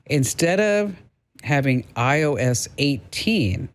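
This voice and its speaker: A man with a New York accent hosting a casual tech news chat, playful and quick to laugh, drawing out words for effect. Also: medium pitch, very animated. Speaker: host.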